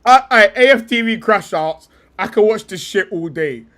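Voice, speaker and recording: An excitable young male streamer talking casually in quick bursts, breaking into laughter often. His voice sits high and swings widely in pitch. He reacts loudly and swears without a second thought. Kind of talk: casual live-stream chat.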